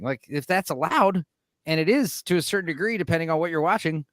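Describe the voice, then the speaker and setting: A man's voice: fairly high pitch, expressive, quick pace, fairly bright tone, no room sound. A man co-hosting a casual chat, tipsy, rambling with lots of fillers and swearing. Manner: rambling, filler-heavy and profane. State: tipsy from drinking.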